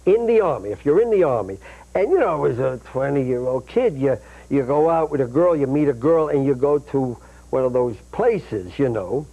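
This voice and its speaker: A man's voice: mid-range voice, expressive, normal speed, narrow, tinny audio. An older man with a Bronx accent, a talk show guest telling rambling, jokey anecdotes. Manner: rambling, jokey, self-interrupting.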